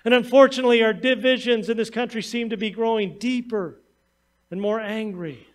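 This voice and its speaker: A man's voice: extremely high pitch, brisk. A man pastor preaching a sermon, reading scripture and then telling stories to his congregation. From United States. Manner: storytelling sermon, reads scripture then tells anecdotes.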